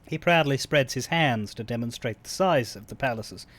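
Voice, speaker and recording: A male streamer reading video game dialogue aloud, halting and stumbling a little over words. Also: mid-range voice, expressive, a bit bright.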